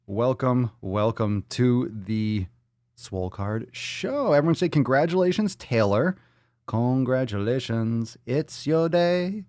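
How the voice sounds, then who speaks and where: A man's voice: animated, takes it slowly. Profane joking male podcast host. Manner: loose and profane, reading chat aloud, goofing around; coos softly in a high baby-talk voice at a pet. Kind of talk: casual live-stream chat.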